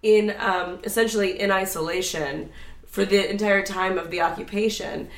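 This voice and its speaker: A woman casually telling a story with crude, animated asides. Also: medium pitch, moderate pace, echoey room, far from the mic. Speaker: storyteller host.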